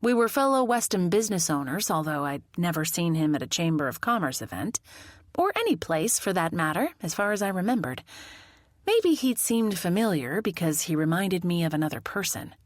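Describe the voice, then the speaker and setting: Woman narrator, lively pitch, close dry studio read of a cozy mystery. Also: a little fast, no room sound. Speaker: audiobook narrator. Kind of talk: first-person audiobook narration.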